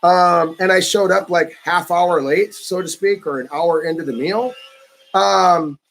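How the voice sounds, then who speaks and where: A man giving a casual livestream talk, animated and often acting out the pushy voices of others. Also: sits high, measured pace, gravelly. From United States. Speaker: vlogger.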